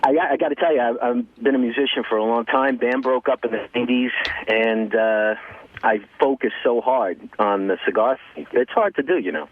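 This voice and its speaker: A man's voice: mid-range voice, fairly quick. Brief: forties male caller, chatty, heard over a thin phone line. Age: 40s. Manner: chatty, hedging. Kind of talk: phone-in chat.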